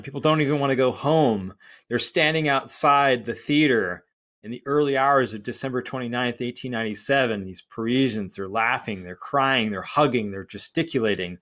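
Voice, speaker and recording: A man co-hosting a podcast, explaining a play in a thoughtful, measured way with some restarts. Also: medium pitch, a bit bright. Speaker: podcast co-host. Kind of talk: casual conversation about literature.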